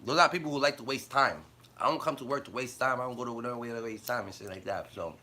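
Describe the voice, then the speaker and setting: A man's voice: mid-range voice, fast talker, bright, forceful tone, a little hiss or hum. A man ranting and telling blunt, profane stories in slang on a casual live stream, laughing often as he talks. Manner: laughs often while talking. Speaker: livestreamer.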